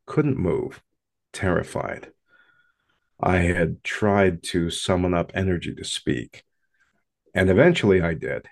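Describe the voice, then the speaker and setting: Deep gravelly man telling a dark tale. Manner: intense and dramatic, with long pauses. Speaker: storyteller. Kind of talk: first-person paranormal story.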